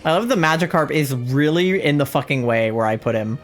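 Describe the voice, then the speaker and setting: A woman streaming a game live, reacting out loud with excited exclamations and casual swearing. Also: low voice, brisk, soft background music. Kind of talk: live gameplay commentary.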